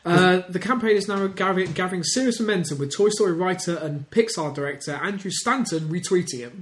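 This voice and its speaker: A man's voice: high-pitched, a little fast. An English man co-hosting a podcast, talking casually, hesitant and giggly with many restarts. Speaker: podcast co-host. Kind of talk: casual chat. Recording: echoey room.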